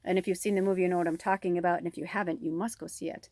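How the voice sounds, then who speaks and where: A woman's voice: fairly low pitch, steady tone, very fast, a little mellow, no echo. A middle-aged woman giving a casual spiritual card reading, chatty and frank, swearing now and then and acting out quarrels. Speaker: tarot reader.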